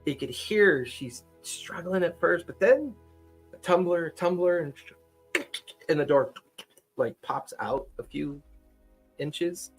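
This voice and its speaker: A man running a tabletop game as game master, narrating in a relaxed, halting way with repeats. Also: on the high side, breathy edge, soft background music.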